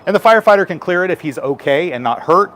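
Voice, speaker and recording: A man's voice: high voice, expressive, fast, background noise. A man, a firefighter, giving a live station tour and patiently explaining equipment to children in simple terms.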